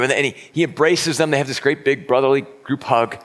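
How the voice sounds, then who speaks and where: Earnest pastor preaching with stammered restarts. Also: male voice, mid-range voice, fairly quick, few pauses, fairly bright tone. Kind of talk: sermon retelling a scripture story.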